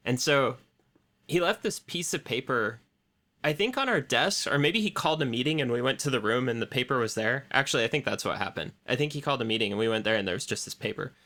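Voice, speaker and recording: A man co-hosts a podcast in relaxed conversation. His voice is bright and has some push to it, and he drops dry, wry remarks at a middle pitch. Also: quick pace. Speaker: podcast co-host. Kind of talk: casual chat.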